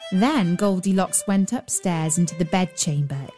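A woman storyteller reads a fairy tale aloud in an even storybook cadence. Faint fiddle music plays quietly behind her voice. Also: lowish voice, moderate pace. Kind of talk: bedtime story narration.

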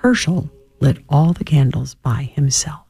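A man reading a children's storybook aloud, with expressive, dramatic storytelling. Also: on the high side, a little slow, vocal fry, faint music behind.

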